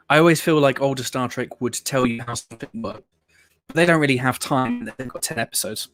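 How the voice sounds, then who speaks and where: Male host, mid pitch, loose rambling reaction chat with some swearing; dead dry close-mic sound. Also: fairly bright tone, no room sound. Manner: rambling, opinionated, swears casually. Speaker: host of a watch-along show. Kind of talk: casual reaction commentary.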